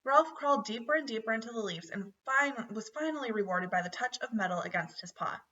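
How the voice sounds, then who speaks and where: A woman reading a children's book aloud with steady storytelling. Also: fairly high pitch, fairly quick. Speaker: narrator. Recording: dull, distant home recording.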